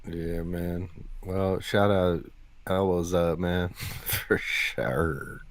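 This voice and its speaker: A man's voice: low-pitched, little pitch movement, slow, darkish tone, no room sound. A man co-hosting a casual sports podcast, chiming in with short, laid-back reactions. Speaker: podcast co-host. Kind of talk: casual chat.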